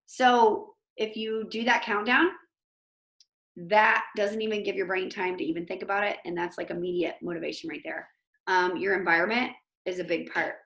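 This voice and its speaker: A woman teacher giving an informal motivational talk over a video call, chatty and animated, with lots of fillers. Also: fairly high pitch, normal speed, reverberant. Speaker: host of an online motivation talk.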